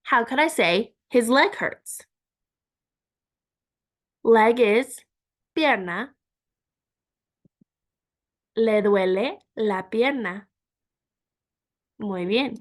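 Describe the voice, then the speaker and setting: A woman teaching a Spanish lesson, saying each word slowly and repeating it for learners. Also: a little high, animated. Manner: slow and deliberate, repeating words for learners. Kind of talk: language lesson.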